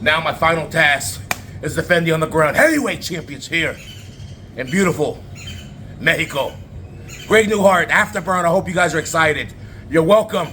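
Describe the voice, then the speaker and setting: A man cutting a brash, rambling comedic wrestling promo, full of fillers and sudden yells. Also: on the high side, moderate pace, pauses often, a little hiss or hum.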